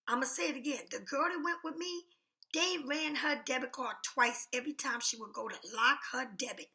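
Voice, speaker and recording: Female vlogger, high bright voice, blunt angry storytelling rant full of swearing. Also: moderate pace.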